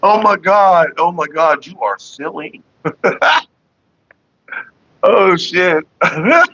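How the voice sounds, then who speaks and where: Joking, laughing man, bright lo-fi voice. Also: fairly high pitch, very slow, a little hiss or hum. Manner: joking, laughing often, rapping along. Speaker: vlogger. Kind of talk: casual rambling monologue.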